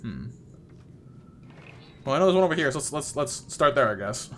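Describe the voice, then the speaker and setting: A man's voice: medium pitch, very animated, moderate pace, slight background noise. A young man doing playful live gameplay commentary, chatting with viewers by name and coaxing game characters along. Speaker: streamer.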